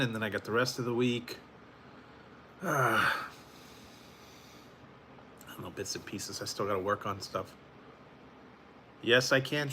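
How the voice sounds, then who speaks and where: Streamer host, male, bright tense tone, rambling chatty delivery with frequent chuckles, faint background hum. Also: on the low side. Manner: rambling, chuckling, talks to chat viewers. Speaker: food reviewer hosting a live stream. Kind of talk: casual late-night live stream chat.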